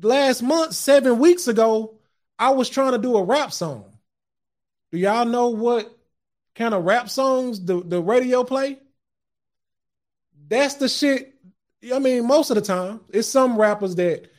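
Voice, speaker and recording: A man with a high voice delivers a fiery, sermon-style talk on his own show. He speaks in blunt street slang, calls his listeners guys and family, and stumbles through repeated words as he builds each point. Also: animated, slow pace, long pauses. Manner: impassioned, repeats words when starting a thought. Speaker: podcast host.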